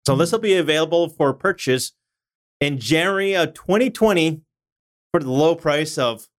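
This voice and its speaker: A man's voice: a little high, moderate pace. A man co-hosting a tech podcast, reading out news items with playful sarcasm. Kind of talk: casual podcast chat.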